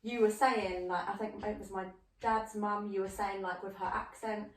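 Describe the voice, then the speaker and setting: A woman's voice: mid-range voice, little pitch movement, moderate pace. Woman host chatting and laughing, mid voice, roomy and a bit far off. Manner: warm, laughing reminiscing. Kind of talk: casual chat. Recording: roomy, distant mic.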